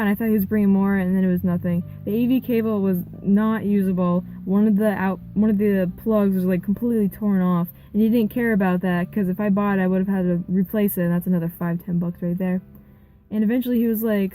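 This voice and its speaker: A young woman vlogger telling a rambling, animated story about a yard sale, with quoted back-and-forth. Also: medium pitch, brisk, soft background music, low-quality recording. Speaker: gaming vlogger. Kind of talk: casual storytelling vlog.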